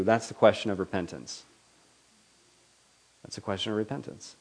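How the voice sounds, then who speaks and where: A man's voice: fairly low pitch, steady tone, normal speed, long pauses, a little mellow. A man preaching a sermon in a conversational, questioning way, often acting out the voices he quotes.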